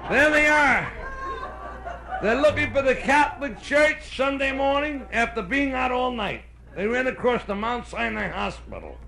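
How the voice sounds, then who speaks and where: A male stand-up comedian with a Brooklyn accent, telling jokes live on a club stage and slipping into quick character voices. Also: very high voice, expressive, vocal fry, a crowd in the background. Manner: brash storyteller doing quick character voices. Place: hotel nightclub stage. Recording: live club recording with faint noise. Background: audience laughter.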